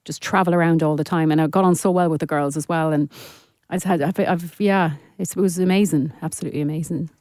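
Fast-talking Irish woman, dry studio sound. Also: sits low, fairly even intonation, darkish tone, no room sound. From Ireland. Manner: chatty, rambling with many fillers and restarts. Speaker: singer guest. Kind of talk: casual interview chat. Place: radio studio. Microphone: studio mic.

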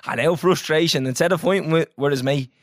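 A man's voice: fairly high pitch, fast, dry recording, clean studio sound. A young man, co-hosting a casual chat and telling funny stories with frequent laughter. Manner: animated storyteller, laughs often. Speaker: podcast co-host.

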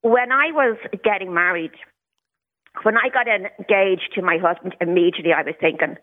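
A woman's voice: on the low side, normal speed. A woman, a caller on a radio phone-in, talking candidly with occasional stuttered repetitions. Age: 60s. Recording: tinny phone line.

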